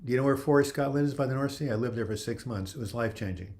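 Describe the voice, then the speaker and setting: A livestream host with a medium-pitched, somewhat dark voice reads out viewer comments and answers them quickly. He rambles loosely, often restarting and saying "you know."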